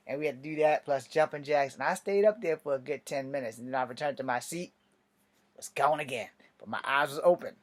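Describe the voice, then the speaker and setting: A man's voice: mid-range voice, fairly quick. A man telling a loose, profane anecdote in a casual, rambling way. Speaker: storyteller.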